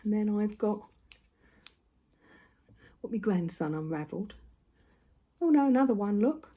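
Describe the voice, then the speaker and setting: A woman's voice: mid-range voice, animated, a little slow, dark tone, slightly rough. An older woman, chatting casually on her craft vlog, a little out of breath, rambling with lots of tag questions. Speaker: craft vlogger. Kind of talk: casual chat to camera. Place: home room.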